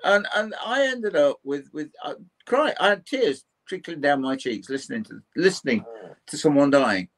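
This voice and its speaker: A man's voice: on the high side, lively intonation, normal speed. An older Englishman, a historian and paranormal investigator, telling a personal ghost story in an interview, acting out the voices of the people in it and swearing mildly now and then. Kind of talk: animated storytelling in conversation.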